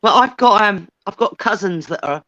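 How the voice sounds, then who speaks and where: A woman's voice: medium pitch, lively intonation, normal speed, a bit bright, no room sound, highs cut off. An English woman chatting casually, laughing often and swearing freely. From England. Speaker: chat guest. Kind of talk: casual chat.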